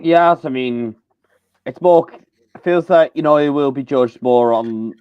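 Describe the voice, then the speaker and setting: A man's voice: mid-range voice, slow pace, clean tone, no room sound. Male co-host on a live football chat, hesitant, filler-heavy, dull call audio. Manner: hesitant, many ums and uhs.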